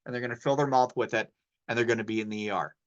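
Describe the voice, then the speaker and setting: A man at a mid-range pitch delivering a medical talk in a loose, conversational way. He drifts into stories and slang rather than reading slides, keeping a poison-control specialist's practical tone. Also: steady tone, rapid-fire, highs cut off. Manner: casual, anecdotal, sprinkles in slang. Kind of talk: informal medical lecture.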